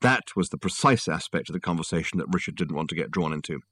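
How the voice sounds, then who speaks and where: A man narrating an audiobook in a calm, even reading voice. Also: sits low, quick pace, breathy edge.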